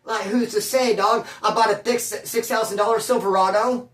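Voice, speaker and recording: A man from California who spent time in prison tells casual, profane, slang-heavy stories. His voice sits high and a bit bright, with fairly even intonation and normal speed. The recording is echoey, and he sounds far from the mic.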